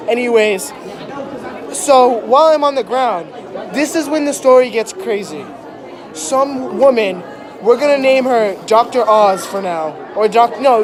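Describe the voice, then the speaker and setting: A young man telling an exaggerated comic story to an audience, rambling into mock-dramatic asides. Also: very high-pitched. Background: crowd, laughter.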